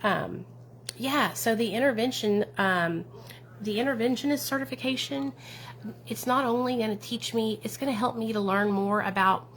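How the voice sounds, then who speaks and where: A woman's voice: a little high, moderate pace, a bit bright. A woman talking casually on a livestream as a recovery advocate, answering viewer comments in an affirming, encouraging way and often tagging her points with questions. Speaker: addiction recovery advocate and streamer.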